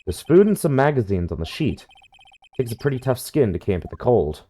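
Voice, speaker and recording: A man reading a weary deadpan young lawyer. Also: medium pitch, brisk. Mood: dry. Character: young male lawyer, dry and exasperated. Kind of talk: reading game dialogue aloud.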